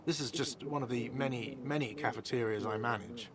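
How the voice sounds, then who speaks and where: A man's voice: mid-range voice, a little fast, natural voice. A man voicing a petulant, defensive male cafeteria manager in a video game. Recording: game audio over a crowd murmur.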